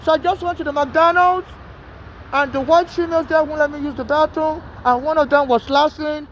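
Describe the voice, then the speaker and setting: A man with a strikingly high-pitched voice, talking straight to camera. He rambles and pleads, circling back and repeating himself with urgency. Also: steady tone, fairly quick, a bit bright, dull audio, slight background noise. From Nigeria. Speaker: homeless man filming a plea. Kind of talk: urgent direct-to-camera plea.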